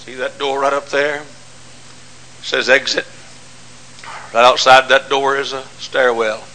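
An older man preaching a sermon, swinging from shouts to hushed storytelling. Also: mid-range voice, little pitch movement, slow, slight background noise, low-quality recording.

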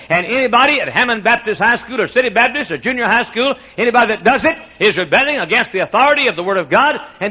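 A man's voice: high voice, breathy edge. A man preaching a sermon as pastor, emphatic and swinging between jokes and pleading. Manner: emphatic preaching with frequent laughter from the room. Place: church sanctuary. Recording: muffled lo-fi sermon recording.

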